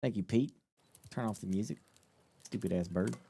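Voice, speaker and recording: A man's voice: lowish voice, normal speed, creaky, warm tone, slight background noise. A man streaming a game live, chatting loosely with his chat, swearing and riffing on ideas as he plays. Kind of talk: casual live-stream chat while gaming.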